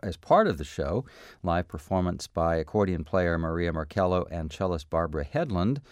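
Low-voiced man hosting local radio, event listings, unhurried delivery with fillers. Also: smooth, dry recording, clean studio sound. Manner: relaxed, with frequent fillers. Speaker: radio host. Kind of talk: community radio announcements.

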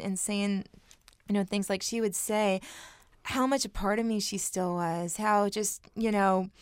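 A woman musician on a radio show, telling the story behind her song in a quick, chatty way. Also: mid-range voice, smooth, no room sound. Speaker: guest musician. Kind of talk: song introduction.

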